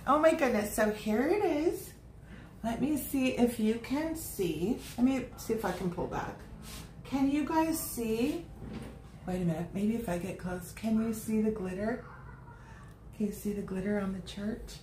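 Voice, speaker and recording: A woman's voice: a little high, animated, measured pace, a little mellow. A woman teaching a live painting lesson, chatting affectionately with her viewers in a bubbly way. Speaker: art teacher. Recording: echoey room, faint background noise.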